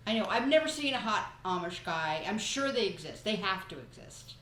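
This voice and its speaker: A woman's voice: mid-range voice, animated, normal speed, a bit bright, roomy sound, rough recording. A woman hosting a podcast, talking in a chatty, rambling way and telling stories casually. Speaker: podcast host. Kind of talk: casual chat.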